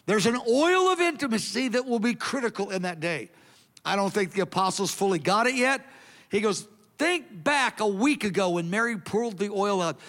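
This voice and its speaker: A man's voice: sits high, a bit bright. A man preaching a sermon in an earnest, emphatic way, then leading a prayer. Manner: earnest, emphatic, quoting scripture in a raised voice.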